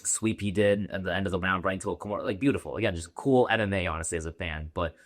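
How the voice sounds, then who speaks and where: Co-host, male, very low voice, rapid rambling delivery, dry close sound. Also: no room sound. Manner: loose, rambling, heavy on fillers like "like". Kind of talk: casual fight breakdown chat.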